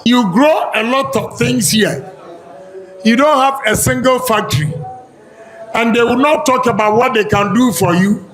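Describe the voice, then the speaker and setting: A Ghanaian man giving a campaign speech, speaking deliberately and listing his points one by one. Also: extremely high pitch, fairly bright tone, a little hiss or hum, rough recording. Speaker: politician.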